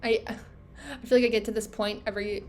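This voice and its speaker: A woman's voice: mid-range voice, steady tone, normal speed, darkish tone. A young woman trader thinking aloud over her charts, self-critical and trailing off, losing her voice. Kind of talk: casual self-talk screen recording.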